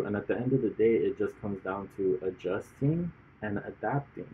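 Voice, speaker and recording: A man's voice: lowish voice, normal speed, slight background noise. A man in casual chat who argues emphatically, driving points home with repetition. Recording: tinny lo-fi phone-like audio.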